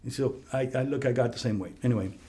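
A man hosting a casual talk, telling a personal story in a conference room, lively when he quotes other people. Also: mid-range voice, fast. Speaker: podcast host. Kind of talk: casual conversation. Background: heater running.

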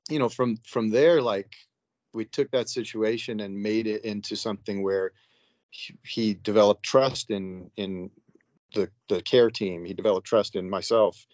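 Low-voiced man telling a story casually. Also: a little mellow, dry recording. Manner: loose and conversational, with frequent "like" and "you know". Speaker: interview guest, psychiatric nurse. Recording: dull, dry, lo-fi sound.

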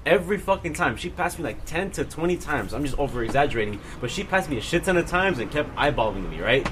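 A young man in casual chat, telling a profane, animated story to friends. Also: a little high, fast talker, noisy background. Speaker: podcast host.

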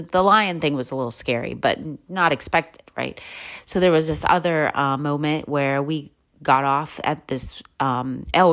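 Low-pitched woman, casual travel vlogger, rambling and filler-heavy. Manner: rambling, with many fillers and restarts; lively and chatty when retelling stories.

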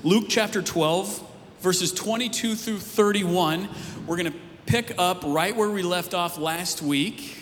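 Male pastor, slightly high voice, relaxed sermon storytelling, long hall echo with faint hiss. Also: takes it slowly. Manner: casual storytelling, rising emphatic near the end. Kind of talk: conversational sermon. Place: church sanctuary.

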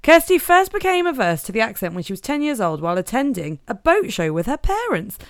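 A woman with a smooth, crisp voice pitched a little high. She swings her tone around a lot, reading a news story aloud and breaking off into giggly, sardonic asides. The sound is dry and close to the mic. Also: very animated, brisk, no echo. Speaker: podcast co-host. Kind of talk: casual comedic chat, reading news aloud.

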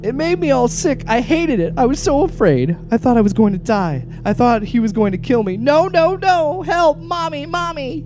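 A woman's voice: high-pitched, normal speed, few pauses, a little mellow, faint music behind, voice pushed up, lightly acted. A woman voicing a terrified five-year-old girl who pleads, whimpers and cries for help. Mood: panicked.

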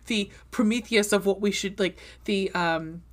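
A woman chats about a novel she loves, her middle-pitched voice gushing and excitable. She laughs often and reads passages aloud with feeling. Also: unhurried. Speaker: book discussion co-host. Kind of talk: casual chat and reading aloud.

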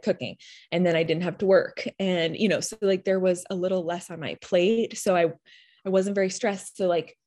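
Rambling mom, a bit low-voiced. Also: female voice, darkish tone. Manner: rambling, filler-heavy, reflective. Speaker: mother. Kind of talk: casual chat.

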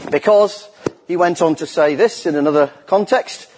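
In an echoey church hall full of long reverb, a middle-aged man, a lay preacher, gives an earnest, emphatic sermon and repeats key phrases to drive them home. He speaks at a moderate pace in a somewhat high, slightly mellow voice, with a little background noise.

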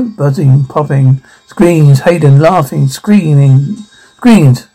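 A man reading aloud the sound cues of a drama in a halting, unpolished way. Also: on the high side, warm tone, low-quality recording. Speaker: reader describing a drama.

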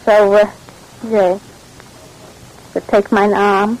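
A woman's voice: medium pitch, flat delivery, takes it slowly, a little mellow, close to an everyday voice, low-quality recording. An actress playing a fussy, flustered middle-aged mother who stammers and repeats her words in a 1940s radio comedy. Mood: fussing.

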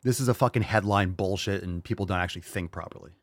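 A fiery man holds forth on his podcast, swearing freely and mocking the views he argues against. His voice sits on the low side, and the sound is close and dry, with no room around it. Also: quick pace, no room sound. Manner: profane, heated ranting with mocking asides. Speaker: podcast host. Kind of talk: opinionated podcast monologue.

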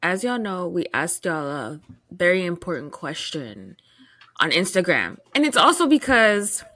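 A young woman co-hosting a podcast in casual chat, blunt and quick with dry reactions. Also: lowish voice, sing-song, bright, forceful tone, no echo. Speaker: podcast co-host.

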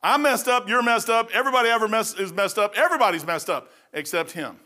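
A man's voice: high-pitched, fast, bright, forceful tone. A man preaching a folksy sermon, rambling through stories and laughing at his own jokes.

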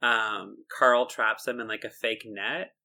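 A man's voice: lowish voice, fairly even intonation, slow, vocal fry, pushed and bright. A man co-hosting a podcast, chatting casually about a cartoon and laughing often. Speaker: podcast co-host. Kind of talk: casual chat reviewing a cartoon.

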